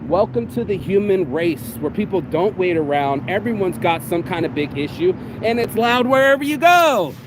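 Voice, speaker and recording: A man voicing a calm woman on a subway who talks bluntly to an angry stranger. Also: high-pitched, moderate pace, few pauses, noisy background, voice pushed up. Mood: unfazed.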